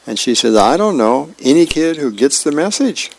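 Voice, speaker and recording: A man's voice: a little high, sing-song, normal speed, creaky, a little mellow, dry recording, low-quality recording. A man, a volunteer radio reader, casually reading comic strips and birthdays aloud.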